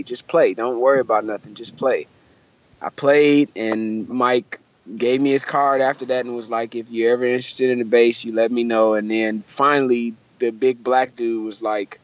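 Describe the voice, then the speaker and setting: A man's voice: medium pitch, dry recording, highs cut off. A young man from Michigan, a musician guest, telling a story in a casual interview, acting out the voices of the people in it and using lots of fillers. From Michigan, USA.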